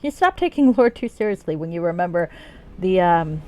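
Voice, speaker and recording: A woman's voice: on the low side, big pitch swings, normal speed, dark tone. A woman streaming a video game, chatting casually in rambling, profane tangents as she plays. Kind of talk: casual let's-play commentary.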